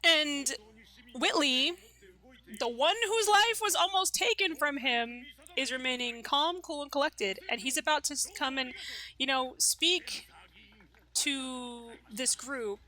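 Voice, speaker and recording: A woman reacting to an anime episode in casual, chatty commentary. Her voice is high and bright. She talks loosely and fills her sentences with "like" and "you know". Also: takes it slowly.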